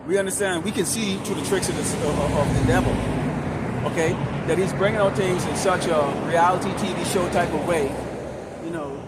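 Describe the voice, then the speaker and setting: A man preaching an open-air sermon outdoors by a busy street, in a loud, confrontational and profane manner. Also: sits high, a little fast, heavy background noise.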